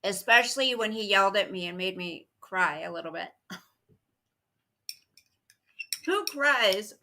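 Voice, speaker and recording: Bright-voiced woman chatting on a livestream. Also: medium pitch, lively intonation, measured pace, a little hiss or hum. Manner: chatty, rambling storytelling, greets viewers mid-story. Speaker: livestream host chatting with viewers. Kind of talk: casual livestream chat.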